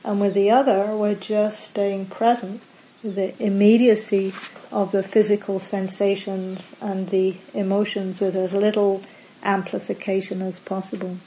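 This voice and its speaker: A woman meditation teacher giving a dharma talk to a group, calm and measured, listing words one at a time with endings that fall away. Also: medium pitch, slight background noise, low-quality recording.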